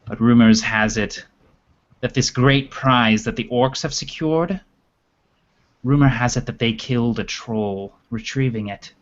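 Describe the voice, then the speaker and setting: A man voicing a stern, blunt male elf aide in a tabletop game, measured and warning in tone. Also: mid-range voice, natural voice. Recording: dull lo-fi recording.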